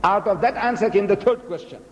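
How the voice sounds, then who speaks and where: A man giving a lecture, telling a story with lively acted-out dialogue. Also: high voice, brisk, roomy sound, long reverb tail, muffled recording. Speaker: speaker.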